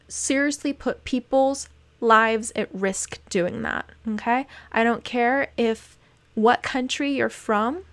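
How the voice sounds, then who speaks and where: A young woman in a casual vlog, speaking with indignant passion and repeating phrases for emphasis. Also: on the high side. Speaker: vlogger, former cruise ship worker. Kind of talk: casual to-camera talk.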